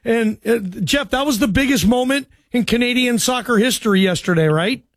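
A man hosting a call-in sports radio show, talking in loose, excitable, joking banter. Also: very high-pitched, normal speed, no echo.

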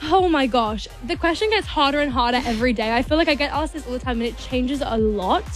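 A woman's voice: high voice, expressive, fast talker, faint music behind. A teenage girl, a singer and actor, chatting as a guest in a casual radio studio interview, bubbly and gushing, with lots of fillers. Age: teens.

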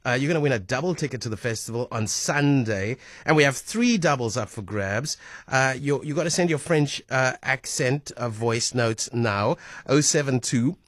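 A man hosting a radio interview, upbeat and energetic. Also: mid-range voice, moderate pace, dry recording, studio quality. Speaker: radio host.

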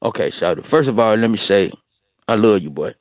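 A man calling in to a radio show, rambling in a slangy, drawn-out comic rant and repeating himself. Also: lowish voice, expressive, no echo. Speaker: regular comedy caller. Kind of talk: comedic call-in rant. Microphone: phone. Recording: phone line.

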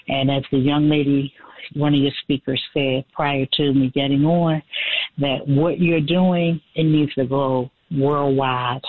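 Hoarse female caller from Philadelphia, raspy, earnest and preacherly, thin dry phone sound. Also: sits low, no room sound. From Philadelphia, USA. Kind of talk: encouraging call-in message. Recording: tinny dry phone line.

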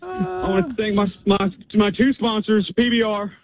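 A man's voice: high-pitched, normal speed, a little hiss or hum. Breathless man joking, tinny radio sound. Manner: jokey, deadpan bravado. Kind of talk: mock post-ride interview. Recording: tinny phone-like radio broadcast.

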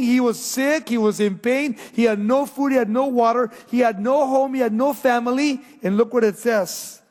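A male pastor preaching a sermon, asking the crowd questions and answering them with emphatic, drawn-out pauses. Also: very high-pitched, darkish tone, big-room sound.

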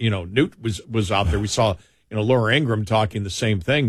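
A man's voice: fairly low pitch, brisk, no echo, studio quality. A man co-hosting a political talk show, speaking indignantly and repeating himself as he builds his points. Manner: indignant, repetitive, rambling restarts. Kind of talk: political talk radio commentary.

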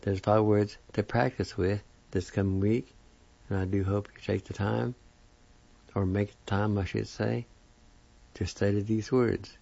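Slow, gravelly man teaching words. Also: on the low side, level tone, dark tone. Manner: patient, deliberate, repeats each word. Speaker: language teacher. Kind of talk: slow spelling and pronunciation lesson. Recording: dull lo-fi sound.

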